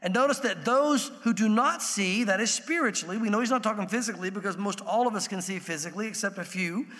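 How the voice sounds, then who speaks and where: Male pastor with a high voice, conversational sermon delivery, long hall reverb. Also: quick pace, a bit bright. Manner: conversational preaching, acts out quoted voices.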